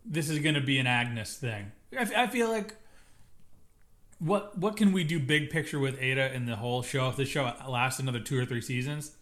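A man's voice: mid-range voice, expressive, normal speed, a bit bright. A man with a mid-range voice trades views on a drama series with his podcast co-host. He talks in an easy, opinionated way and often stops and restarts his sentences as he works out what he means. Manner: opinionated, thinks aloud with restarts. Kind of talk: casual TV recap chat.

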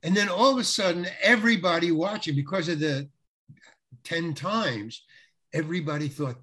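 A husky, slightly high-pitched middle-aged man tells a story in a relaxed, chatty way. He laughs often and jumps into other people's lines, putting on their voices as he goes. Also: moderate pace. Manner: animated storyteller, laughs often, acts out quotes. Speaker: guest telling a story. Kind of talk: casual anecdote.

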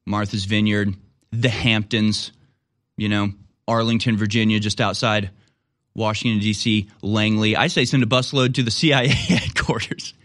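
A man's voice: fairly low pitch, steady tone, moderate pace, fairly bright tone. A man hosting a political commentary show, talking in a sarcastic, incredulous way with frequent laughs.

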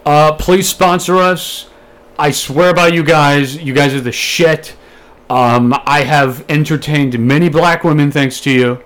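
A young man co-hosting a podcast, joking crudely and trolling in a deadpan way. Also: a little high, measured pace. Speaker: podcast co-host. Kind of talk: casual chat.

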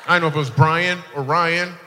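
Bright and forceful, this man's higher-pitched voice moves fairly quickly with fairly even intonation. On stage with a handheld mic, he playfully teases the crowd and laughs at his own material, the recording carrying long hall reverb and faint room noise.

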